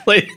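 A man co-hosting a sports talk show, bantering in a wry, playful way. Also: sharp tone. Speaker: sports radio co-host.

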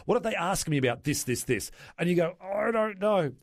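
A man's voice: fairly high pitch, lively intonation, fast, no echo. Older aussie guy rambling earnestly on radio, dry close mic. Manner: earnest, rambling with many restarts. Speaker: guest. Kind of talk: casual radio interview.

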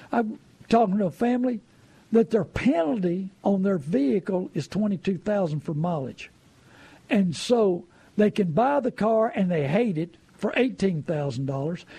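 A man's voice: high-pitched, dark tone, slightly rough, dry recording. A man giving folksy, preachy money advice, full of rhetorical questions. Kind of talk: casual advice talk.

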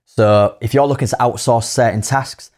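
A man's voice: mid-range voice, fairly even intonation, normal speed, darkish tone. A man with a Hull accent, co-hosting a podcast in casual chat and working through a numbered list of tips. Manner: laughs easily, lists points in turn. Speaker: podcast co-host.

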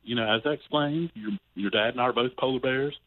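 A man's voice: mid-range voice, fast, natural voice. A man calling in to a radio show and voicing a patient mother polar bear in a joke, heard over a phone line.

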